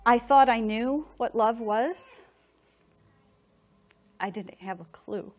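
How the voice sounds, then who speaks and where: A middle-aged woman sharing a personal testimony with an audience, telling it in an animated, emotional way and often repeating words when stirred. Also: on the high side, slow pace.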